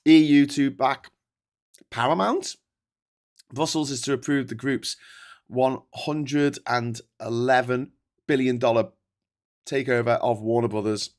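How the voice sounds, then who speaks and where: A man hosting a casual live-stream, rambling through news and viewer comments, swearing and laughing often. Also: mid-range voice. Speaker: host.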